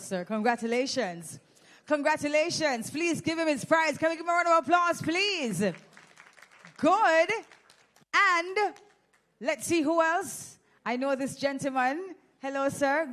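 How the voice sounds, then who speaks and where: Her voice is high and her pace measured as this Jamaican woman emcees a live event on a handheld mic. Energetic and teasing, she jokes with the crowd and runs games for prizes.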